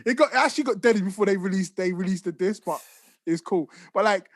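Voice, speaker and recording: A man's voice: high voice, quick pace, dry recording. A man co-hosting a podcast, telling stories in casual, swearing chat. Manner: swearing, animated storytelling. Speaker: podcast co-host.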